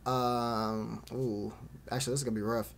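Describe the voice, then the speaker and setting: Amid crowd noise, a male podcast host chats casually about esports, rambling with lots of fillers and frequent laughter. His medium-pitched voice is gravelly, with a flat delivery and normal speed.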